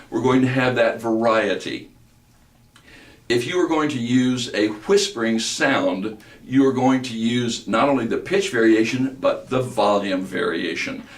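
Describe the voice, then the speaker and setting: A man with a bass voice working as a voice trainer, giving a measured instructional lecture with occasional hesitant fillers. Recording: roomy echo, distant mic.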